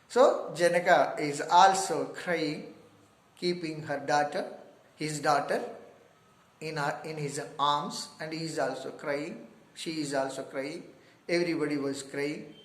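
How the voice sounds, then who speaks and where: A man with an Indian accent giving a spiritual talk and telling a story, checking in with listeners with little "huh?" asides. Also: a little high. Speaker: meditation teacher. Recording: echoey room.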